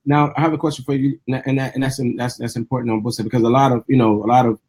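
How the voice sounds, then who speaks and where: A man with a husky voice hosts the radio interview, rattling off long questions quickly. He restarts often and keeps asking "you know what I'm saying?" as he circles toward his point. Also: mid-range voice, flat delivery, darkish tone. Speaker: radio host and DJ.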